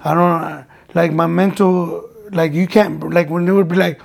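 A man's voice: fairly high pitch, flat delivery, measured pace, creaky. A man in his forties, a guest in a casual interview, telling stories in a rambling way, repeating words and dropping in Spanish slang. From United States. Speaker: guest, former boxer.

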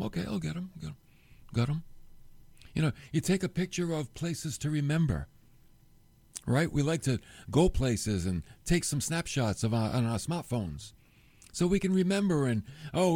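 A middle-aged man preaching a sermon, telling the story with animated delivery and acting out the quoted lines. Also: a little high, no room sound. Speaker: pastor.

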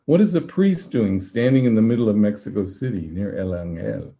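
A man voicing a calm, menacing elderly male interrogator who questions slowly and politely in a low voice. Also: vocal fry. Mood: calm, probing. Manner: slow, polite, measured questioning.

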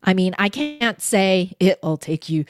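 A woman voice coach speaking in an interview with emphatic, drawn-out phrasing. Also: mid-range voice, very animated, no room sound, studio quality, soft background music. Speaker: voice and communication coach. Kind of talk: interview conversation.

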